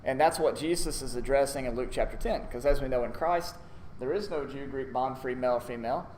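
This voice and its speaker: A man's voice: medium pitch, brisk, darkish tone. Echoey conversational male preacher. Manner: conversational, storytelling with acted asides. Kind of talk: sermon. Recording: echoey room with faint noise.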